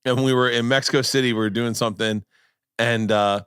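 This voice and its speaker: Loud storytelling guy running a podcast, swears a lot, dry close sound. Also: mid-range voice, fairly even intonation, brisk, clear, resonant tone, dry recording. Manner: boisterous storyteller, swears freely. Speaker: podcast host. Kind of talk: casual podcast chat.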